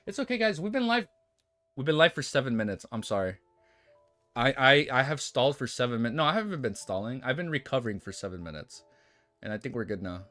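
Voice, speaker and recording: A man's voice: mid-range voice, big pitch swings, fast talker, fairly bright tone. A young man streaming, chatting casually and rambling with lots of swearing and restarts, faint music playing behind him. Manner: rambling, swears a lot, restarts and self-corrects. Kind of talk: casual livestream chat.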